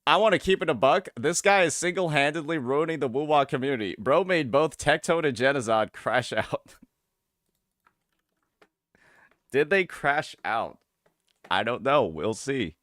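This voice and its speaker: A man's voice: medium pitch, normal speed, fairly bright tone, no room sound, clean studio sound. A man streaming a reaction to a video, talking casually and hesitantly, often restarting his sentences and asking questions.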